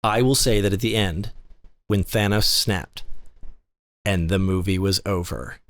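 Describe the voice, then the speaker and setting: A man co-hosting a casual podcast chat, telling stories in an excitable, animated way and acting out quotes. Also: sits low, unhurried, dry recording. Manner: excitable, animated storyteller with big acted-out quotes. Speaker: podcast co-host.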